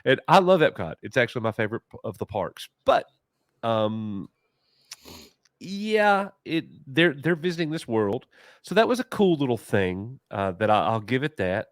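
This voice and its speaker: A man co-hosting a casual review chat, animated and mocking, with exaggerated reactions. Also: mid-range voice, normal speed, no echo, studio quality. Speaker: co-host of a TV review show.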